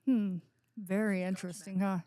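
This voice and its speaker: Brief: woman co-host, animated storyteller, dry close-mic sound. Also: medium pitch, moderate pace, no room sound. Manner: animated storyteller, does silly voices. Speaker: podcast co-host. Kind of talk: casual chat.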